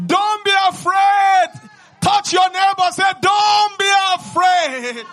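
High-voiced pastor shouting a fervent sermon. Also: male voice, takes it slowly, faint music behind. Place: church.

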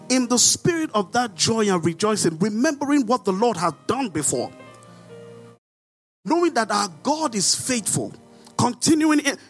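Animated high-voiced Nigerian preacher. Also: male voice, husky. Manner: animated preaching, rhetorical questions, sudden shouts. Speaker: pastor. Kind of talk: sermon.

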